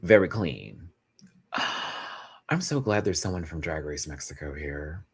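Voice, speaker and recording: Campy, husky man live-streaming. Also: extremely low pitch, takes it slowly. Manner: chatty, campy, greets live chat, laughs often. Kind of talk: casual live-stream commentary.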